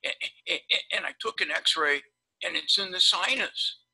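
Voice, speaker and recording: A man's voice: sits high, measured pace, creaky, sharp tone, breathy edge, full character voice, poor audio. A man imitating a flustered male dentist who rambles and stammers in a panic. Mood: panicked.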